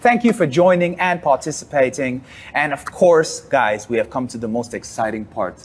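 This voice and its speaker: A man's voice: medium pitch, lively intonation, moderate pace, breathy edge. A man hosting a live product talk show with guests, upbeat and promotional, laughing easily. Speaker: host. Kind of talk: live-stream product chat.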